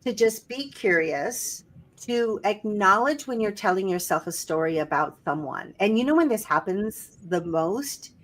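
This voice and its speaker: A woman's voice: medium pitch, unhurried. A middle-aged woman co-hosting a casual spiritual podcast, telling stories and acting out quoted voices with animation. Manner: storytelling, animated when quoting others. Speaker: podcast co-host. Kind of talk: casual conversation.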